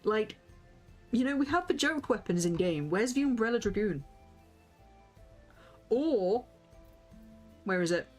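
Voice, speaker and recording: Excitable woman streaming a game. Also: on the high side, measured pace, long pauses, faint music behind. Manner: excitable, giggly, reacts aloud and chats with viewers. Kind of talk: casual live-stream game commentary.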